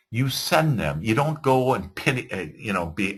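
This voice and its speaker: A man giving an earnest motivational talk to entrepreneurs, animated, with frequent fillers and restarts. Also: on the low side, moderate pace, husky. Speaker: motivational speaker. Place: virtual webinar.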